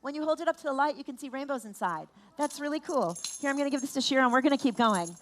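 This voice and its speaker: A high-pitched woman leads a family service in a playful, animated way, quizzing children and cheering their answers. Her voice sometimes drifts a little away from the microphone in a large room. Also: racing, a little hiss or hum. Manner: animated, playful, exclaiming and asking children questions. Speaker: rabbi leading a family service.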